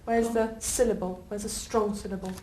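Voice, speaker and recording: A woman's voice: medium pitch, fairly even intonation, moderate pace, mellow, a little hiss or hum. Encouraging woman teacher in echoey classroom. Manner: encouraging, clear instructions with frequent praise. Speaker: English teacher.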